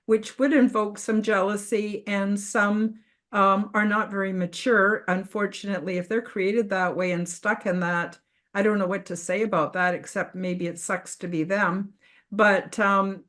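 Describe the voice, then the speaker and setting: A woman in a casual spiritual panel discussion over a video call, speaking earnestly and reflectively with frequent fillers. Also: mid-range voice.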